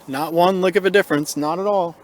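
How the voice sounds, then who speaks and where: A man's voice: sits high, fairly quick, slight background noise. Breathless man vlogging outdoors. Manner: rambling, conversational, with frequent fillers and asides. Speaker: political video blogger. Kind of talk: casual talking to camera. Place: outdoors on a porch by a forest.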